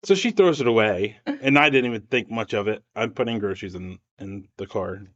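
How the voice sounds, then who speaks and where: A man's voice: lowish voice, brisk, dull audio. A man casually telling a family anecdote on a podcast, acting out the voices of the people in it. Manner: animated, acts out voices in his anecdotes. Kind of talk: casual storytelling.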